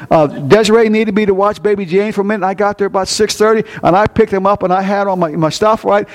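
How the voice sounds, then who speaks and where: An older man preaching a sermon, asking his congregation call-and-response questions and joking with them. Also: high-pitched. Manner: joking, animated delivery. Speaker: pastor.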